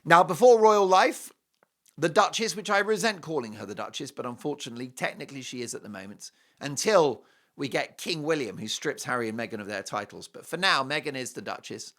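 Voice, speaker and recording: A man's voice: mid-range voice, lively intonation, fast, bright, forceful tone. A man hosting a TV show, giving an opinionated, mocking monologue with heavy sarcasm and emphatic swings. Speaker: TV show host.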